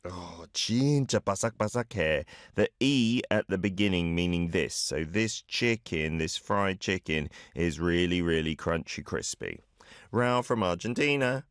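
Very deep-voiced man hosting a language show. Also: lively intonation, fairly bright tone, clean tone, no room sound, clean studio sound. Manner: encouraging, explains pronunciation slowly. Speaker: host of a Korean learning show. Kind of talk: friendly radio-style language lesson chat.

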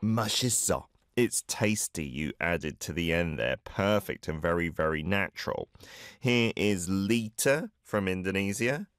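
A man hosting a Korean language show, playing listener clips and gently correcting their pronunciation. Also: low-pitched, lively intonation, no room sound, clean studio sound. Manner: encouraging, explains pronunciation slowly. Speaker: host of a Korean learning show. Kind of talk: friendly radio-style language lesson chat.

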